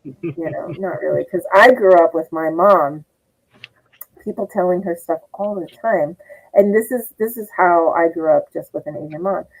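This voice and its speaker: A middle-aged woman comedian of Japanese heritage, appearing as a guest, tells rambling funny stories, laughing often and acting out what others said. Her voice is fairly low at a normal pace, on a low-quality recording.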